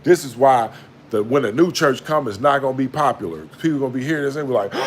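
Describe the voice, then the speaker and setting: A man, talking in a blunt, slangy, preachy way that swings between quiet reflection and raised scolding. His voice sits in a middle pitch and is recorded on a phone held low. A faint noise hums underneath. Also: animated, quick pace. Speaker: vlogger. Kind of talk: casual spiritual monologue. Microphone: phone camera held low.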